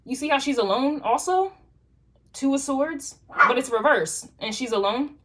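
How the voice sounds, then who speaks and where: A woman's voice: high voice, animated, unhurried, a bit bright. Casual profane woman giving a tarot reading. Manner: casual, profane, streetwise slang, rambling restarts. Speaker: tarot reader.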